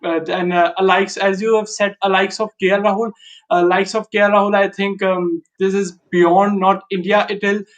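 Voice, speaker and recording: Male fan guest, high pitch, keen, hesitant. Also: flat delivery, rough recording. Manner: enthusiastic, halting, repeats himself. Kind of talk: casual fan chat.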